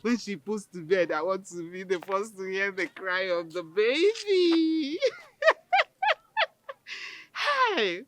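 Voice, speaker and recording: An actress with a Nigerian accent playing an excitable, devout older village mother on a phone call, soon to be a grandmother. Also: mid-range voice, slow pace, pauses often, a little hiss or hum. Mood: overjoyed. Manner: exclamatory, breaks into praise and cries. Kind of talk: film acting.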